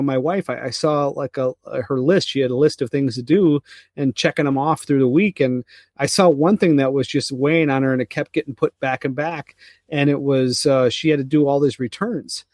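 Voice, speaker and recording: A man's voice: fairly high pitch, normal speed, darkish tone, dry recording, studio quality. A middle-aged man co-hosting a parenting podcast, telling a family story in a casual, rambling way with many restarts and fillers. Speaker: podcast co-host. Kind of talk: casual chat.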